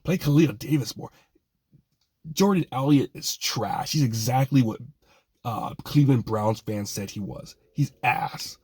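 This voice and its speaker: A young man with a husky, slightly rough voice delivers a profane, exasperated sports rant. He keeps apologizing for his anger but can't stop venting. The sound is dry and close. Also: mid-range voice, expressive, measured pace, darkish tone, no echo. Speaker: fan channel host.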